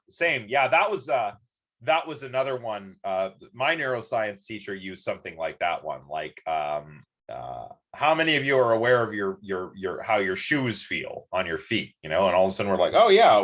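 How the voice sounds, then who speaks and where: A man's voice: lowish voice, a bit bright. A man giving a live-streamed lecture, chatty and rambling, with many ums and restarts.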